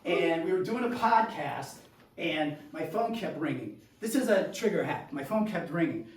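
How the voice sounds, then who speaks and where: A man performing a solo stand-up storytelling set on a small theater stage, animated and jumping to loud exclaimed punchlines. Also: fairly high pitch, normal speed, a little hiss or hum. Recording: roomy stage sound from far off.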